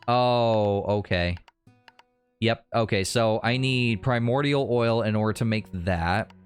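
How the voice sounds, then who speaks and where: A man's voice: lowish voice, slow pace, clean tone, soft background music. A man hosting a gaming video, talking his game through casually and thinking aloud. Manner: relaxed, thinking aloud, with restarts and laughs.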